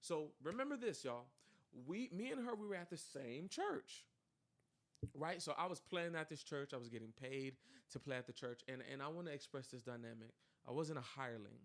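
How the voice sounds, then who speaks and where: A young man shares a personal story in relaxed conversation, his fairly high voice carrying a gravelly edge. He keeps it loose with fillers and acts out the lines other people said. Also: normal speed. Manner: animated, acts out quoted dialogue, many fillers. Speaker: podcast co-host telling his story. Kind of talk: casual storytelling chat.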